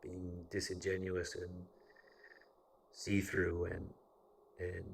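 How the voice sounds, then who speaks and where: A man's voice: deep voice, monotone, slow pace, vocal fry, a little hiss or hum. A man from the United States telling a personal story in a casual, rambling monologue, swearing often. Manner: profane and rambling, with frequent fillers. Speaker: vlogger.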